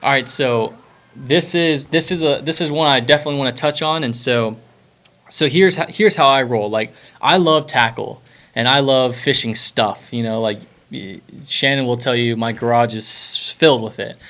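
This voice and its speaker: A young man from Florida hosting a podcast, talking in a relaxed, rambling way with lots of fillers and restarts. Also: medium pitch, moderate pace. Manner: rambling, laid-back, many fillers and restarts. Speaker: podcast host. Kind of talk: casual podcast chat.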